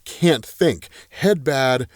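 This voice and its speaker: Brief: man doing hulking male brute, broken English, slow halting fragments, dry close sound. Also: medium pitch, expressive, no echo. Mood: troubled. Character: hulking brutish male monster of few words.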